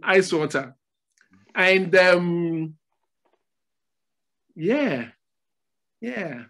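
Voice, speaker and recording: An older man from Nigeria, a former footballer, telling stories as a podcast guest in a relaxed chat, often repeating his phrases. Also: high-pitched, drawn-out words. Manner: repeats phrases, animated storytelling. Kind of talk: casual storytelling interview.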